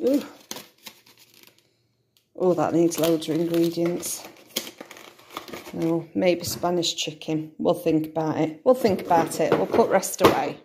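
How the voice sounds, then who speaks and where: Gravelly-voiced woman chatting at home. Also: on the low side, measured pace, pauses often, mellow, slight background noise. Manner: rambling, thinks aloud, self-interrupting. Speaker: vlogger. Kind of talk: casual chatty vlog. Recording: echoey room.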